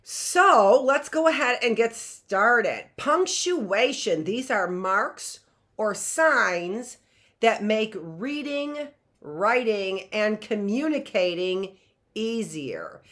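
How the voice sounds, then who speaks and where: A woman's voice: medium pitch, animated, drawn-out words, fairly bright tone. A middle-aged woman teacher giving a chatty, playful online lesson, often exclaiming. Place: home classroom setup.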